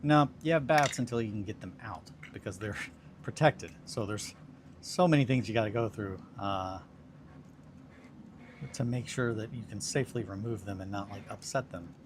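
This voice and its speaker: On a hobby stream, a man with a lowish voice glues and builds miniatures while chatting casually at a moderate pace. His stories ramble and are self-deprecating, and a steady background hum runs beneath his voice.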